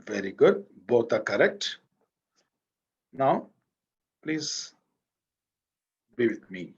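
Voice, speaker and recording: A man with an Indian English accent teaching a grammar lesson, speaking slowly and deliberately and stopping to quiz his students. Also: medium pitch, big pitch swings, vocal fry, rough recording. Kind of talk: classroom grammar lecture.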